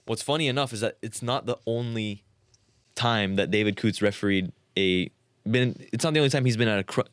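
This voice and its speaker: A man's voice: on the low side, brisk, a bit bright, smooth, dry recording. A young man co-hosting a football chat, recounting match incidents in a matter-of-fact way. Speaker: podcast co-host.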